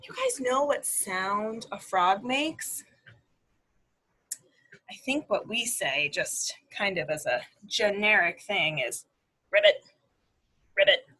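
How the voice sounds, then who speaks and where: A woman speech therapist reading a picture book aloud to preschoolers, animated and sing-song, making animal sounds. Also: mid-range voice, slow pace, low-quality recording. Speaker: speech-language pathologist. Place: at home.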